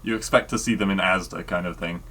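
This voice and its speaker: A man co-hosting a casual podcast chat, talking hesitantly with many pauses and fillers. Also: sits low, steady tone, sharp tone, slight background noise. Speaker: podcast co-host.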